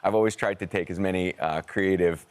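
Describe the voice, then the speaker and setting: A middle-aged American man, an actor being interviewed, telling rambling, animated anecdotes. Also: sits low, brisk, clean tone. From United States. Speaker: actor guest. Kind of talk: conversational interview storytelling.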